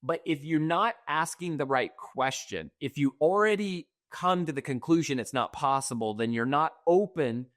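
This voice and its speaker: A man appearing as a guest author in a podcast interview, speaking in an emphatic, motivational way with quick bursts. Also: fairly high pitch, expressive, fairly bright tone, dry recording, clean studio sound. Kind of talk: conversational interview.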